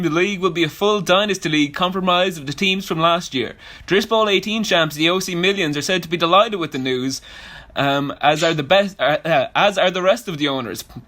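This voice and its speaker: A man's voice: high voice, brisk, hardly any pauses, bright, forceful tone. A man hosting a casual podcast, rambling and joking, swearing freely. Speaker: podcast host.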